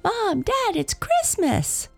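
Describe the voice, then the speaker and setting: A woman voicing an excitable little girl with a high, drawn-out, squealing manner, reading a storybook. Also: creaky, faint music behind, heavily acted. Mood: shouting. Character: excitable little girl, sleepy and easily upset.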